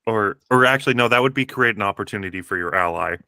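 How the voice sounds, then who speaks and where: A man playing a tabletop game, describing his hero's moves in halting, rambling bursts and laughing at his own lines. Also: on the low side, pushed and bright, no room sound, clean studio sound. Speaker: player.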